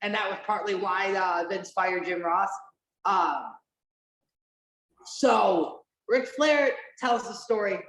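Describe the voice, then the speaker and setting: A woman hosting a casual podcast, talking at a middle pitch and rambling through fillers, restarts and the odd swear word. Her voice rings in a roomy, echoey space. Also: slow pace, a bit bright. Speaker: podcast host. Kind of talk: casual chat, watch-along podcast. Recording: roomy echo.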